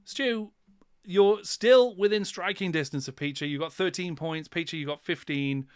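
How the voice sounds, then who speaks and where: A man with a slightly raised voice hosts a relaxed online quiz. He teases the players and giggles between questions. The sound is dry and close to the mic. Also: high voice, normal speed, smooth, dry recording. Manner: playful, giggly, teasing. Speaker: quiz host. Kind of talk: casual livestream quiz hosting.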